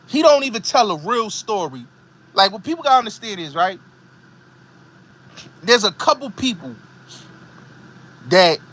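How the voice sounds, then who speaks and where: High-voiced ranting New York man. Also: bright, forceful tone. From the Bronx, New York. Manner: emphatic, repetitive, accusatory ranting. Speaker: host. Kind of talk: heated commentary monologue.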